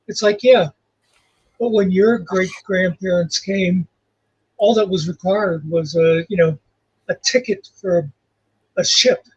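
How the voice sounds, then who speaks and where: Male caller, husky voice, muffled lo-fi line, rambling and reflective. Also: high-pitched, steady tone, a little slow. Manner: rambling, reflective, repeats "you know". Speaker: guest commentator. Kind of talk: casual livestream chat. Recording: muffled lo-fi call audio.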